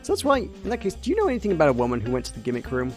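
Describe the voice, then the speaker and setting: A man's voice: a little high, huge pitch swings, racing, a little mellow, faint music behind. A man voicing an earnest, polite young investigator who asks questions in a raised voice.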